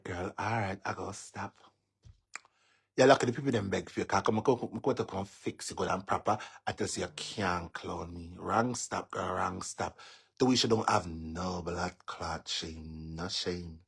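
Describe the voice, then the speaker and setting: A fairly low, gravelly voice with a bit of brightness and a breathy edge comes from a Jamaican-accented social media commentator. His live-stream monologue is a mocking, cursing rant in which he taunts and repeats himself as he goes.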